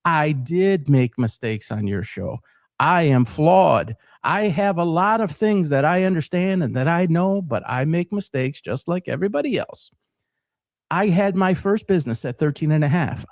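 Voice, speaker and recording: Sports talk host, man in his fifties with a Detroit accent. Slightly high voice, earnest and emphatic, unscripted, dry close recording. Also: a little mellow, no echo. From Detroit, Michigan. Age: 50s. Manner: earnest, emphatic, repeats words as he builds his point. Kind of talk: unscripted monologue to camera.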